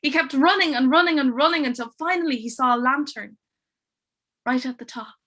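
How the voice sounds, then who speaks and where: A woman storyteller telling a ghost story on a livestream, hushed and dramatic, sometimes dropping almost to a whisper. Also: sits high, a little fast.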